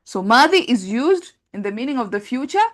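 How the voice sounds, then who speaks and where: A woman teaching an Arabic grammar class, talking through translations in a relaxed conversational way with many fillers. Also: a little high, a little fast. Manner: explains patiently, thinks aloud with many fillers; reads translations aloud and compares them.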